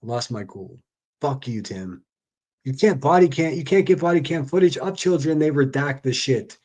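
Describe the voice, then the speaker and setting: A man's voice: mid-range voice, animated, normal speed, darkish tone. A man hosting a live stream, who reacts to clips with profane, exasperated rants. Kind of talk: casual ranting commentary.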